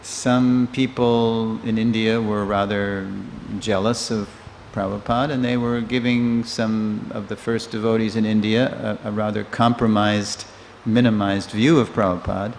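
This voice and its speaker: A man in his sixties giving a storytelling scripture class in a temple, a lively teller who acts out the people he quotes. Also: fairly low pitch, measured pace, hardly any pauses. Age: 60s. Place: temple hall. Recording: long reverb of a hall, faint noise.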